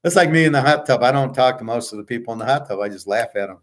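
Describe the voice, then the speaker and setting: Profane ranting man, blunt, casual monologue, mid-pitched voice, host. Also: expressive, racing. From United States. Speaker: podcast host.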